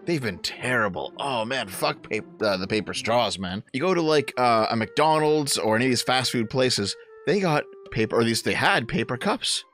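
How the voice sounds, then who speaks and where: A young man hosting a show, reacting to clips with loud, crude exclamations and swearing. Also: medium pitch, lively intonation, normal speed, few pauses. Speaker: commentary host.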